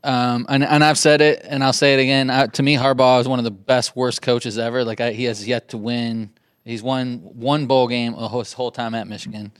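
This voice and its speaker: A man on a sports panel, speaking in a middle-pitched voice with a dry, close sound. He hedges his predictions and restarts his sentences as he reasons aloud. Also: level tone, a little fast, smooth, dry recording. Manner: hedging, thinks aloud with restarts. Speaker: sports show co-host. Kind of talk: casual sports panel chat.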